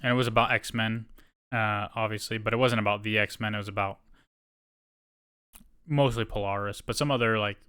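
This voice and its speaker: A man's voice: lowish voice, fairly even intonation, moderate pace, pauses often, pushed and bright, clear, resonant tone. A man co-hosting a podcast, reading news items aloud and adding rambling asides in casual chat. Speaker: podcast co-host.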